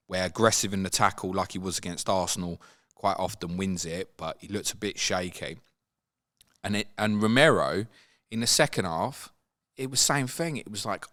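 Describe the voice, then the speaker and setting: Very deep-voiced man ranting about football. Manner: animated, jumps high in pitch when mimicking players. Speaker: football podcast host. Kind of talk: casual football chat.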